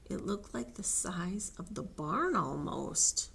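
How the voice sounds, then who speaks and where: A woman, a library storyteller, reading a picture book aloud to children in an animated way and inviting them to join in. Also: medium pitch, takes it slowly, creaky. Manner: animated, sing-song, coaxing children to join in.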